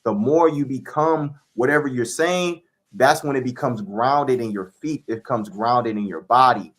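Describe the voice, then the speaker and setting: A man, a spiritual reader, answering interview questions in a calm, declarative teaching manner. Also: mid-range voice, normal speed.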